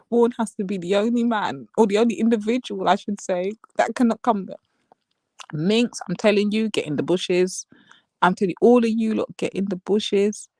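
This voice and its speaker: A young English woman hosts a live stream, gossiping with plenty of swearing and frequent laughter while mimicking the people she discusses. Her mid-range voice has a darkish tone and moves at a normal speed, captured in studio quality with no echo. It's casual live-stream commentary.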